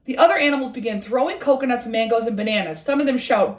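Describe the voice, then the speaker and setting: A woman reading a bedtime story aloud with a rhythmic, expressive delivery. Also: fairly high pitch, quick pace, roomy sound.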